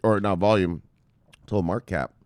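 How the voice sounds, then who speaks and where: Male host for casual market commentary: low-pitched, dry close mic, loose and profane. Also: moderate pace, no echo. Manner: profane, excitable, laughs often. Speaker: crypto news show host.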